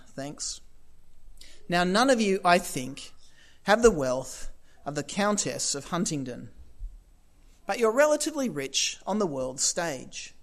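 High-voiced preacher. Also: male voice. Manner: conversational preaching with asides and repetition for emphasis. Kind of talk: sermon.

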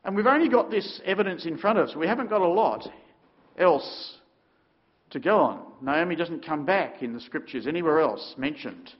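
Male preacher, high lively voice, dramatic sermon delivery, dull lo-fi recording. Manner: animated, dramatic storytelling with sudden loud and soft turns.

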